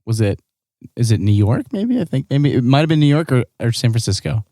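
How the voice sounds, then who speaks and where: A man co-hosting a casual podcast, chiming in with quick teasing remarks. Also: medium pitch, sing-song, dark tone, no room sound, clean studio sound. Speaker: podcast co-host. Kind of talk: casual chat.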